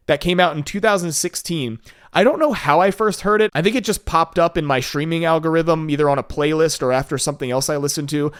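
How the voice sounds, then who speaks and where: A man's voice: a little high, clear, resonant tone, no echo, studio quality. A man hosting a solo podcast in a casual, enthusiastic, laid-back way, with some casual swearing. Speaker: podcast host.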